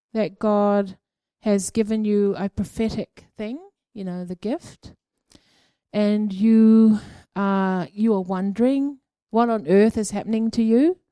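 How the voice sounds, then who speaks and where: A woman gives an informal church teaching, talking through her experiences in a loose, halting way full of ums and tag questions. Her voice is mellow and warm, and the recording is dry and close. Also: mid-range voice, clear, resonant tone, no room sound. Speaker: church speaker sharing prophetic experiences.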